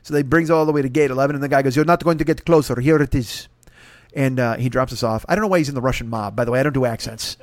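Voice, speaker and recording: A man's voice: medium pitch, rapid-fire, few pauses, dry recording. A man telling a long story in a casual podcast style, profane, rambling and self-mocking.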